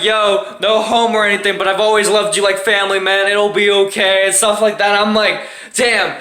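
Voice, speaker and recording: Animated young man telling a story. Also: sits high, echoey room. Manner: animated, profane, acts out quotes with grunts and laughs. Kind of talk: casual storytelling.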